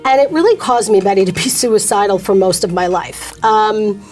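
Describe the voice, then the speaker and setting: A middle-aged woman shares her faith testimony as an interview guest, candid and emotional, with quick asides. Her voice sits at an ordinary middle pitch, and faint music plays underneath. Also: darkish tone.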